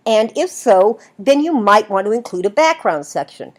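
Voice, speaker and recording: A female writing instructor with a medium-pitched voice speaks at a moderate pace in a recorded video lecture. She explains at length in a lively way, often checking in with "right?" as she goes.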